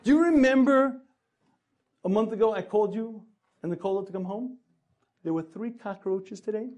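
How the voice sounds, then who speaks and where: A man playing an excitable young wife in a story he tells, exclaiming breathlessly. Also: mid-range voice, moderate pace, pitched above the performer's own voice, lightly acted. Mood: excited, proud.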